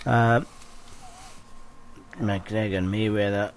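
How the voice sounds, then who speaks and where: A young Scottish man with a low, gravelly voice, chatting on a podcast and swearing freely. He tells his stories loosely and laughs along the way. A faint hiss sits under the recording. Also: level tone, takes it slowly. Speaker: podcast co-host. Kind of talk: casual chat.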